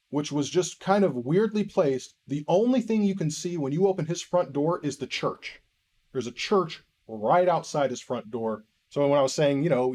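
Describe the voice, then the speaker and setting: A man preaching in a theology course, telling a story and acting out both sides of a conversation. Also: on the high side. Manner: animated storyteller acting out dialogue. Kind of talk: sermon storytelling.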